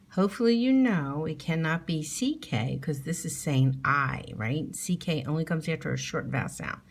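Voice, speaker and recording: A middle-aged woman teacher leading a phonics spelling lesson for young children at home, patiently sounding out letters and words. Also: sits low.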